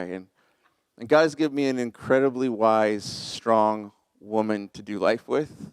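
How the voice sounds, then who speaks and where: A man's voice: on the low side, a little slow, smooth, dry recording. A man in his forties preaching a conversational, self-deprecating sermon as pastor, often laughing at himself.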